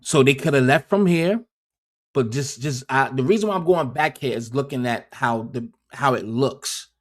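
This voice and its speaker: A man's voice: mid-range voice, expressive, normal speed. A man hosting a casual livestream, rambling and swearing heavily, often repeating words as he talks. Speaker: livestream host.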